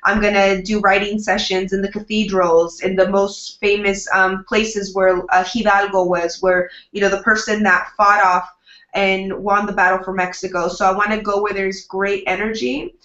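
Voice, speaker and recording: A woman's voice: medium pitch, little pitch movement, moderate pace, a bit bright. A woman publicist answering interview questions in an upbeat, chatty way, often acting out what she tells her clients. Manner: upbeat, chatty, acts out quoted dialogue. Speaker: publicist, guest. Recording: roomy, dull lo-fi sound.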